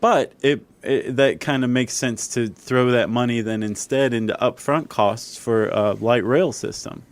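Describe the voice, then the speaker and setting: A man's voice: medium pitch, a little slow, hardly any pauses. A man co-hosting a casual podcast chat, explaining ideas with dry sarcasm. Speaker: podcast co-host.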